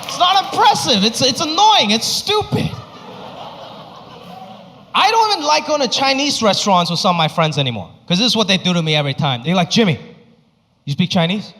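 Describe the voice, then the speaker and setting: Recorded live before a comedy audience with long hall reverb, a young man from Hong Kong does a brisk stand-up set. His high voice leaps around its range as he tells animated stories, slipping into the voices of his family.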